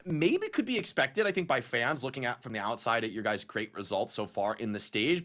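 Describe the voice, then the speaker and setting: A man analyzing esports plays on a broadcast desk, talking through replays with excitement. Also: a little high.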